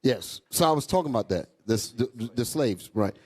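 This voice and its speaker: A man preaching a fiery, profane sermon to his congregation, calling out to them as he goes. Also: moderate pace. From United States. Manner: loud, animated, swings high and low, profane, asks crowd "y'all all right?".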